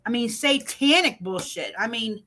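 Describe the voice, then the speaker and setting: A woman filling in as podcast co-host, talking casually in a blunt, expressive way and swearing freely. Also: on the high side, moderate pace, a crowd in the background. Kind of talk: casual chat.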